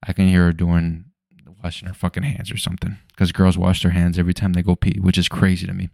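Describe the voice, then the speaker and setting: Laid-back young man with a deep voice. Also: completely flat delivery, quick pace, gravelly, darkish tone, no room sound, clean studio sound. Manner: loose, rambling, swears often. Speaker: podcast host. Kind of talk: casual solo podcast chat. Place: home room at night.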